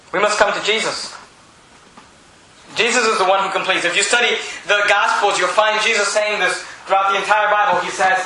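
Fervent high-voiced preacher man in echoey hall. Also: steady tone, brisk, a little hiss or hum. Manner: fervent preaching, rises to shouts, reads scripture in old English. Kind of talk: sermon.

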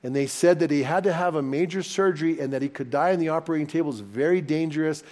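A man preaching as a pastor, telling personal stories to his congregation with lively, rising excitement. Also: on the high side, fast. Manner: animated, personal anecdotes told warmly to a congregation. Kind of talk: sermon storytelling.

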